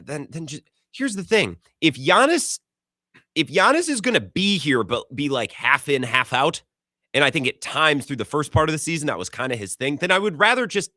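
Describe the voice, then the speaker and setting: A man hosting a call-in sports radio show, talking in an animated, rambling way as his voice swings widely in pitch. His tone is bright and forceful, and the sound is close and dry in the studio. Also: no room sound. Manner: animated, rambling, quick restarts. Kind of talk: casual sports talk radio.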